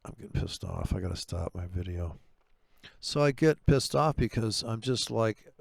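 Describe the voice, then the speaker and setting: A fairly low, gravelly male voice recorded close and dry. He rants about trading robots in a sarcastic, exasperated, foul-mouthed way, and his pitch jumps sharply upward when he gets fired up. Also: lively intonation, normal speed, no echo. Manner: voice jumps far higher when he gets worked up. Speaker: forex trader testing trading robots. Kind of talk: profane ranting commentary over chart playback.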